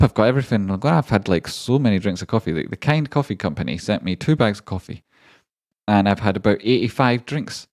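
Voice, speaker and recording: A man's voice: mid-range voice, very animated, fairly quick, a little mellow, no echo. A man hosting a live stream, rambling and joking casually with viewers and swearing now and then. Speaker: livestream trading host.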